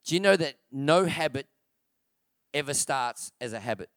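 A pastor preaches a sermon in church, emphatically repeating key phrases for stress and putting rhetorical questions to the congregation. His voice is medium-pitched and fairly bright, with lively intonation and a moderate pace. The recording is clean studio sound with no room sound.

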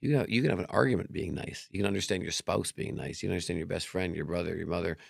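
A deep, gravelly male voice that rushes through anecdotes at a quick clip. He is a comedian and magician chatting candidly as an interview guest, swearing freely and putting on the voices of the people in his stories. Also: dry recording, clean studio sound. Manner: animated storyteller who acts out quoted dialogue. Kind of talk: casual interview talk.

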